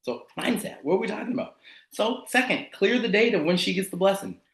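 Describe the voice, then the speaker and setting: A man leading a sales team training over a video call, energetic and slangy. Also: high voice, a little fast, echoey room.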